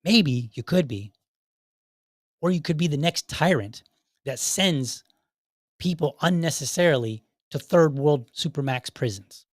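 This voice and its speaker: A man's voice: fairly high pitch, fairly bright tone, dry recording, studio quality. A man hosting a podcast, delivering a heated, combative monologue full of rhetorical questions and mocking mimicry of his critics. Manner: mocking voices for imagined people. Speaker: podcast host. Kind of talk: opinionated commentary monologue.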